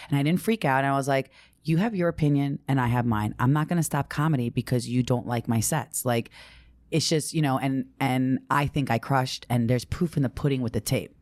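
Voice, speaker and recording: A woman with a low voice, recorded close and dry, chats casually as a podcast guest. She tells stories animatedly, slipping into other people's voices and swearing without a second thought. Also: fairly quick, no echo. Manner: animated storytelling, acts out quotes, swears casually.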